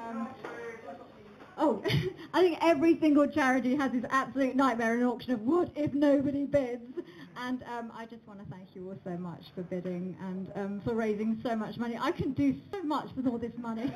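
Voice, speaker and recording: A woman's voice: on the high side, brisk. A woman charity organiser giving a thank-you speech, choked up and gushing with gratitude. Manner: gushing, grateful. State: choked up, laughing through tears. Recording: noisy room with crowd.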